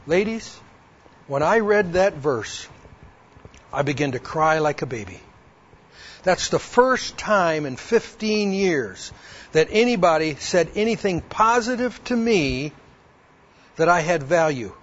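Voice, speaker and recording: A man's voice: a little high, big pitch swings, slow, long pauses, a bit bright. A man giving a personal testimony, acting out both sides of a past conversation and reading verses aloud. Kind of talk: personal testimony told to a women's audience. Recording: dull lo-fi recording.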